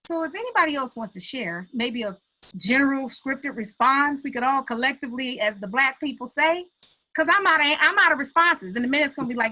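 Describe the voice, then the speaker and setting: A high, bright-toned woman talks on a video call from home. She is blunt and exasperated, hitting her points with emphatic force. She sounds animated and plainspoken. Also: fairly quick, rough recording. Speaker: call participant, artist. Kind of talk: candid group video call.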